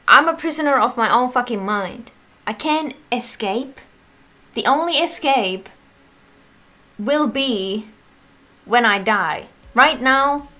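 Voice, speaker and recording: A woman's voice: on the high side, sharp tone. A woman vlogger in a casual Q&A, rambling and swearing a lot, sounding mentally exhausted. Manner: rambling, full of "like", swears often. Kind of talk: casual ranting Q&A to camera.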